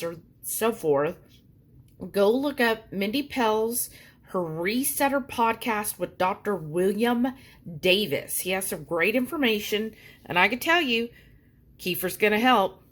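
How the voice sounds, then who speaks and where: A woman's voice: on the high side, lively intonation, a little slow, fairly bright tone. A woman talking casually to her viewers in a vlog, full of fillers and y'alls. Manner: chatty, lots of fillers, says y'all. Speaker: vlogger.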